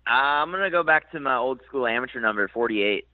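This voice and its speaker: A man's voice: mid-range voice, fairly quick. Hesitant man on a tinny line. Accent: faint Minnesota. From Minnesota. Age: 30s. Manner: relaxed, hesitant, many fillers and restarts. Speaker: motocross racer. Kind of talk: casual interview. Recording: dry, tinny phone-like line.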